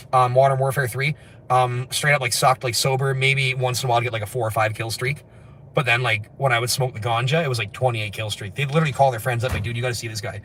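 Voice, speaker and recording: A man from Canada chatting on a late-night livestream, reading viewer comments and rambling very fast between laughs. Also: medium pitch, a bit bright. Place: indoors at night, after a street walk.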